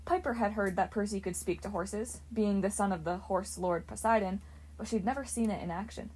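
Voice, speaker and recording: A woman narrating a fantasy novel in an expressive storybook reading. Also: mid-range voice, brisk, breathy edge, poor audio. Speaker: audiobook narrator. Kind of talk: audiobook narration.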